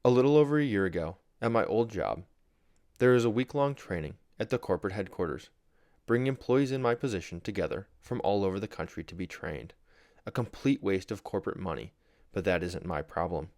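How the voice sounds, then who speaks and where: A man's voice: sits low, lively intonation, brisk, a little mellow, no room sound. A young man from Wisconsin hosting his solo podcast, reading a scripted monologue in an earnest, proud storytelling manner. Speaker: podcast host.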